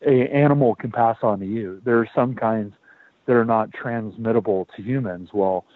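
A man's voice: on the low side, normal speed, dry recording. A man hosting a podcast, telling a story in a loose, chatty way, repeating words and swearing now and then. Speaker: podcast host. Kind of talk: casual storytelling. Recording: tinny phone-like dry sound.

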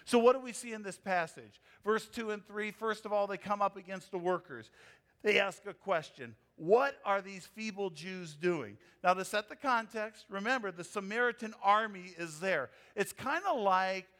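A man preaching a sermon as a pastor, animated and emphatic, rising and falling as he drives his points home. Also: high-pitched, normal speed.

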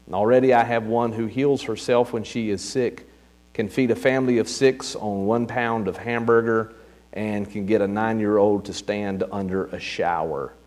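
A man voicing the Lord as a proud, eager creator in a read-aloud story, listing details with excitement. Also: fairly low pitch, moderate pace, close to an everyday voice. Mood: tender.

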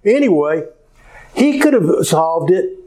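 A pastor preaching a sermon, telling a story in an animated way with frequent hesitations. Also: male voice, high voice, slow pace, rough recording.

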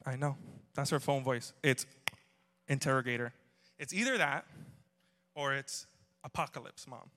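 A man's voice: medium pitch, normal speed, pauses often, pushed and bright. A man preaching a humorous sermon, telling jokey stories and bantering with the congregation. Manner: joking, storytelling, audience banter. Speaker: pastor. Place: church hall. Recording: long hall reverb.

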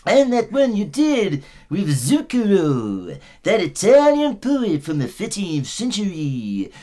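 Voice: medium pitch, huge pitch swings, takes it slowly, warm tone. A comedian doing a drawling, slurring old folk singer. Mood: rambling. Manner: nasal, drawling, slurred, ends lines with "man". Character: impression of a mumbling older male folk-rock singer. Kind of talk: comedy sketch impression.

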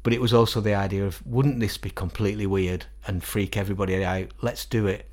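A middle-aged man with a Northern English accent, a musician guest telling animated stories in a casual interview. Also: on the low side, a little fast. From England. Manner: animated, quotes others in acted-out voices, laughs often.

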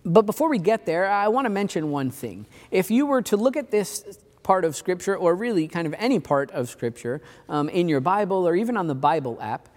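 A man preaching a sermon as pastor, in a relaxed, chatty way full of casual asides. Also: high voice, in a large hall. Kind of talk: conversational sermon.

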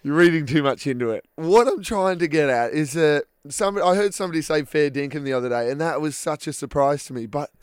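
A man's voice: a little high, lively intonation, fairly quick, few pauses, clean tone, no echo, clean studio sound. A young man co-hosting a casual comedy podcast, rambling through ideas and laughing at his own jokes. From Australia. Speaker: podcast co-host.

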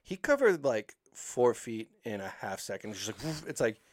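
A man's voice: medium pitch, sing-song, normal speed, no room sound. Profane storytelling man, dry sound. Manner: profane, rambling storytelling with lots of "like". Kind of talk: casual chat.

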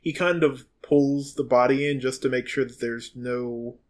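A man's voice: medium pitch, fairly even intonation, a little slow. A man playing a tabletop game, casually thinking aloud about his character's moves. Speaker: player.

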